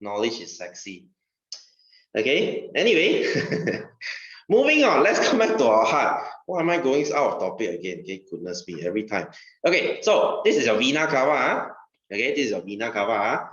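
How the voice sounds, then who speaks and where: A man's voice: medium pitch, sing-song, moderate pace, a bit bright, echoey room, dull audio. A man with a Malaysian English accent teaching a science class, joking and asking students questions. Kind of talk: classroom lesson.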